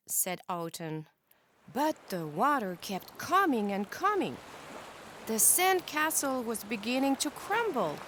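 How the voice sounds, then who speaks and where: Animated woman reading a storybook. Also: on the high side, takes it slowly, a little hiss or hum. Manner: expressive and animated. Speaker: teacher. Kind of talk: children's storybook read-aloud.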